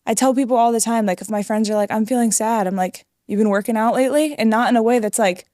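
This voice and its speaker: Young woman guest, candid and earnest, slightly high voice, dry close mic. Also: steady tone, fast, warm tone, dry recording. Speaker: guest, app founder. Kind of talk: casual interview talk.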